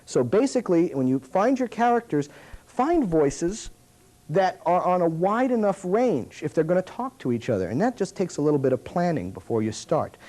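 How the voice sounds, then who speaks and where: A man teaches a puppetry workshop in an animated, demonstrative style. His pitch sits a bit high and swings widely as he talks. His tone is mellow and warm. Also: normal speed, poor audio.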